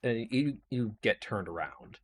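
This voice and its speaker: Lively male game master, lowish voice. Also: unhurried, husky. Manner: lively, loose narration with fillers. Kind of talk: narrating a tabletop game.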